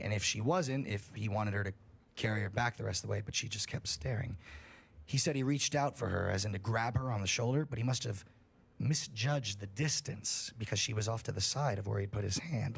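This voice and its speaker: A young man reading a scary story aloud on a livestream, in a profane, animated storytelling manner. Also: fairly low pitch, vocal fry, a little hiss or hum.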